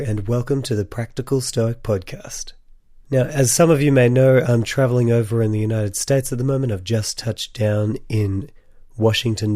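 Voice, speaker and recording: A man's voice: mid-range voice, mellow, no room sound, clean studio sound. A man hosting a solo podcast, speaking earnestly and encouragingly to his listeners in a voice still sick from a cold. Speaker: podcast host.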